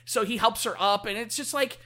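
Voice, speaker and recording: A man with a high, bright voice gushing in a casual chat. He talks excitably and scatters "like" through every sentence, laughing along as he goes. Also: fairly quick. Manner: excitable, full of "like" fillers.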